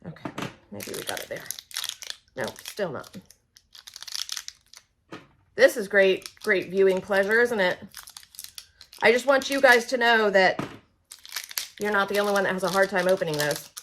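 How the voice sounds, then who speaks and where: Animated and fairly bright, her mid-range voice moves at a moderate pace with long pauses, and there's slight background noise. The Oklahoma woman chats through a casual how-to demonstration, folksy and speaking directly to viewers as friends.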